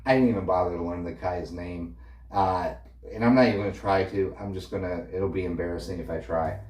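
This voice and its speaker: A man's voice: deep voice, a little fast, a little mellow. A man ranting about football in a casual, opinionated and dismissive way, reeling off stats. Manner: opinionated, dismissive, stat-heavy. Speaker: sports fan ranting. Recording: echoey room, a little far from the mic.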